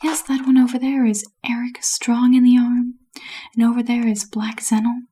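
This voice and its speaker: A woman whispering as a weary, sardonic male wizard who answers curtly. It is a whispered role-play for a bedtime storybook, with a breathy, husky hush. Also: fairly high pitch, level tone, normal speed. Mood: reluctant.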